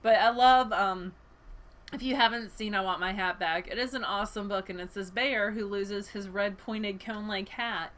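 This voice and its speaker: A woman co-hosting a casual chat show, an animated storyteller who laughs often and acts out the lines she quotes. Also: medium pitch, normal speed. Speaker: podcast co-host, school librarian.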